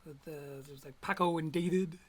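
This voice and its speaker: A man's voice: fairly high pitch, fairly even intonation, a little fast, slightly rough. A man hosting a live stream, reacting to podcast clips with profane, laughing, rambling commentary. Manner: profane, laughing often, loose rambling asides. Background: Irish-style rock music playing.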